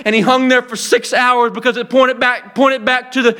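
A man preaching an impassioned sermon, fervent and full of repeated restarts, building up to shouts. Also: extremely high pitch, level tone, moderate pace, clean tone.

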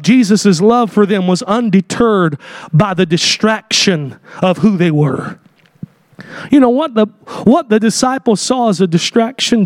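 A high-pitched man delivers a sermon, often swelling into fervent shouts. His voice is close and dry, with no room around it. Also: no echo. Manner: impassioned, rising to shouts. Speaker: preacher.

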